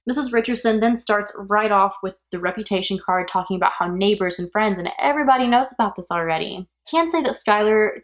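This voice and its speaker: Woman doing a casual true crime podcast, chatty, drops blunt opinions in between. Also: mid-range voice. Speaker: podcast host.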